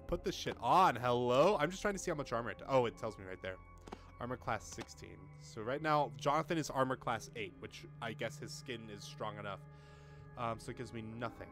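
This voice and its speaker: A young man narrates his game in a loose, chatty way, his pitch leaping around as he jumps between quiet muttering and loud, swearing outbursts. Faint game music plays softly behind him. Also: a little fast. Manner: excitable, swings from muttering to yelling, swears a lot. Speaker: let's play gamer. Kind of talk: casual gameplay commentary.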